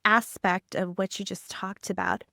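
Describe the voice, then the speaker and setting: A woman's voice: mid-range voice, little pitch movement, unhurried, creaky, pushed and bright, no echo, clean studio sound. A woman podcast host in a conversational interview, curious and asking follow-up questions.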